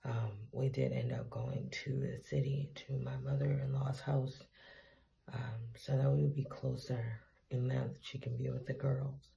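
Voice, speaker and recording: A woman's voice: very deep voice, unhurried, creaky. A tired, teary woman telling a candid, profane story to her camera in a casual vlog. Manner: candid, profane, animated retelling. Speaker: vlogger.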